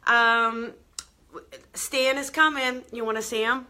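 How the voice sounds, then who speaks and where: A woman's voice: a little high, fairly even intonation, takes it slowly, pushed and bright, clear, resonant tone. A woman hosting a live show, chatting in a bubbly, direct way to her viewers. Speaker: host of a live weekly show. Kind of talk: casual live-stream chat to viewers.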